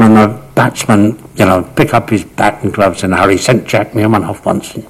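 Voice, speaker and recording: Older-style raconteur, a man with a low, husky voice who slips into others' voices as he tells stories. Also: steady tone, moderate pace, hardly any pauses, low-quality recording. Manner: acts out quoted speech in shifting voices. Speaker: storyteller. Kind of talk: anecdotal reminiscence.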